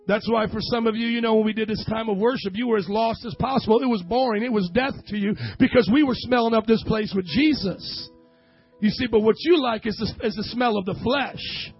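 A male pastor preaching with a very high, husky voice, driving his points home with emphatic bursts and call-and-response. The recording sounds dull and lo-fi, with faint music underneath. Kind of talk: sermon.

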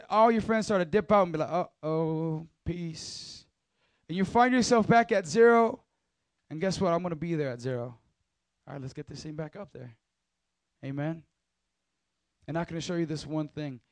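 A man's voice: high-pitched, a little fast, no room sound. A man speaking as a youth pastor, giving a casual, slangy sermon and talking straight to the crowd.

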